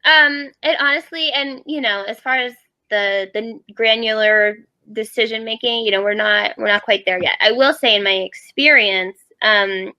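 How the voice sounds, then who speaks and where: A woman's voice: on the high side, moderate pace, sharp tone, muffled recording. A woman guest in a casual panel chat, talking chattily and thinking aloud with lots of fillers.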